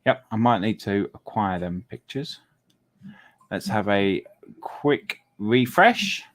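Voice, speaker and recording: A man's voice: on the low side, animated, slow. A man hosting a model-making livestream, casually reading out viewer comments and murmuring admiration over the models.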